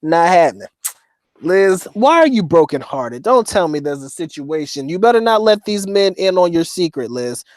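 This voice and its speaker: A man's voice: fairly high pitch, big pitch swings, moderate pace, no room sound. A man hosting a casual livestream, reading chat comments aloud and joking with heavy profanity and frequent laughter. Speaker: host reading live chat.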